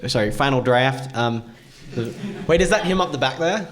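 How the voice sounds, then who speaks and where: A young man from Australia hosting a fan convention panel in a mid-pitched voice. He rambles, cuts himself off, and laughs at his own stories. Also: expressive, moderate pace, a crowd in the background. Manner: rambling, self-interrupting storyteller who laughs often. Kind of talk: casual convention panel chat.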